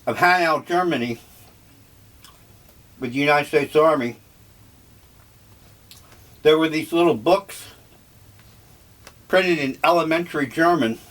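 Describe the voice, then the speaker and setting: An older man muses aloud over his breakfast, drifting from one thought to the next. He takes his time, drawling his words, and his voice sits somewhat high for a man. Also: a bit bright. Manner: slow, musing, eccentric. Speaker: vlogger. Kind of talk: rambling breakfast monologue.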